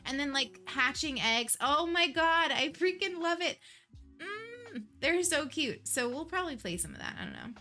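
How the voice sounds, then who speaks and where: A woman hosting a livestream, chatting casually and warmly with her viewers, emotional and laughing often. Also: sits high, sing-song, moderate pace, soft background music. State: emotional, near tears. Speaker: livestream host.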